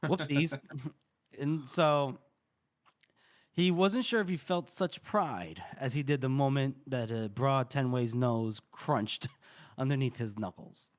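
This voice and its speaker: A man's voice: mid-range voice, takes it slowly. A man co-hosting a podcast, casually recapping a book chapter and swearing freely as he jokes his way through it. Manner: loose and joking, acting out quoted lines and swearing freely. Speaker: podcast co-host recapping a fantasy novel. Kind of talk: casual chat.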